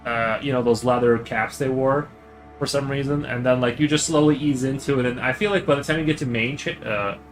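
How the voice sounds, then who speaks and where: Young guy rambling on an art stream, lots of "like", mid pitch, soft music behind. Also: fairly even intonation, fairly quick, low-quality recording. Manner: rambling, full of "like" fillers and restarts. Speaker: artist streamer. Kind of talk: casual chat while drawing on stream.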